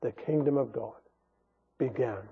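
Husky-voiced preacher delivering an earnest sermon. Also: male voice, medium pitch, unhurried, narrow, tinny audio. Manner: earnest, emphatic, rising sharply on rebukes.

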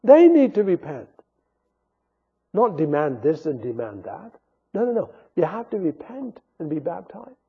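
A man's voice: fairly high pitch, expressive, normal speed, breathy edge, phone-quality sound. A man preaching a sermon in an earnest, emphatic way, his voice rising sharply when he rebukes.

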